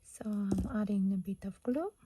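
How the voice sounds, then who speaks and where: A woman hosting a casual craft tutorial at her desk, thinking aloud and hesitating over choices, her voice slightly hoarse. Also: medium pitch, normal speed, mellow, rough recording.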